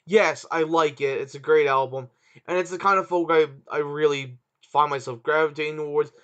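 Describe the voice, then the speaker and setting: Guy rambling and pausing a lot, kinda high smooth voice, lo-fi sound. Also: steady tone, a bit bright. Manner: hesitant, searching for words. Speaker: podcast co-host. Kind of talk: casual chat. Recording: dull lo-fi sound.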